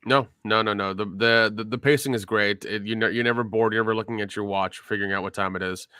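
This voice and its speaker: A man's voice: fairly low pitch, fairly even intonation, fast, bright, forceful tone, smooth, dry recording, studio quality. A man co-hosting a casual film review chat, easygoing and joking. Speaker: podcast co-host.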